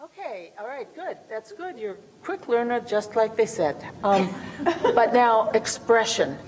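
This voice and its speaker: A woman's voice: a little high, sing-song, unhurried, a little mellow. A woman improvising a role-play as a career coach, speaking in a coaxing, mock-earnest way. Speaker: workshop co-presenter. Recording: reverberant hall, faint hum.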